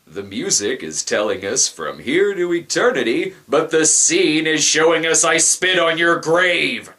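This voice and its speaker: A man's voice: a little high, lively intonation, a little slow, loud music behind the voice. A man hosting a comedic movie review, sarcastic and wisecracking. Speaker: film reviewer host.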